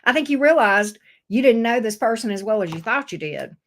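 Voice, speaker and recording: Woman doing a tarot reading, kinda high voice, swings all over the place, cusses a lot. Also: a little fast. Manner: expressive, swears freely, acts out the viewer's voice. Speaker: tarot reader. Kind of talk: casual tarot reading to camera.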